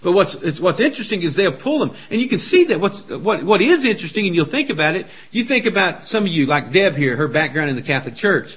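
A man preaching a sermon, emphatic, his voice climbing high when he quotes scripture. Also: big pitch swings, fast, few pauses, husky, dull audio. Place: indoor room, camera on a helper.

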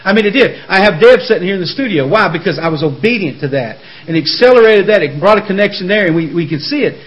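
A man hosting a Christian talk show in a studio, telling stories in a fast, animated, preaching way with Southern turns of phrase. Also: high voice, lo-fi sound. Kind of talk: lively preaching conversation.

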